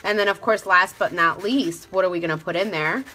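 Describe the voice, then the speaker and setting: A woman's voice: lowish voice, brisk, heavy background noise. A young adult woman hosting a live cooking demonstration, chatty and upbeat, talking straight to her viewers. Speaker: cooking show host.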